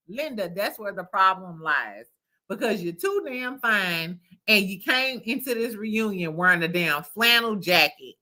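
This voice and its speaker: A woman's voice: fairly high pitch, bright, forceful tone. A woman hosting a casual reality TV recap, with profane, laughing gossip. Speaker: host. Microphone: streaming mic.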